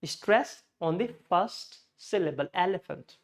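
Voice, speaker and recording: A man with an Indian English accent teaching pronunciation, patiently repeating words slowly to show where the stress falls. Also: high voice, expressive. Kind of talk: classroom lesson on word stress.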